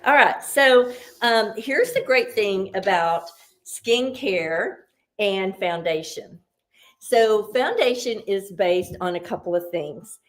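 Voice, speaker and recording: A woman's voice: mid-range voice, expressive, takes it slowly. A woman giving a casual, upbeat beauty tutorial as a consultant, chatty and explaining step by step, a little out of breath.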